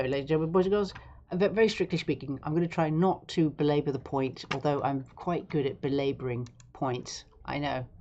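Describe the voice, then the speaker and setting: A woman's voice: low-pitched, darkish tone, muffled recording. A woman hosting a live stream, talking in a rambling, sarcastic, digressive way. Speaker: livestream host. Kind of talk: casual live-stream commentary.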